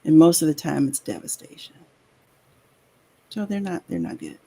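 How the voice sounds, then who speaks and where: A woman on an online talk show panel, speaking in a soft, thoughtful and measured way over a video call. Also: low voice, big pitch swings, vocal fry, slightly rough, rough recording. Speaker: regular panelist. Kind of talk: casual chat.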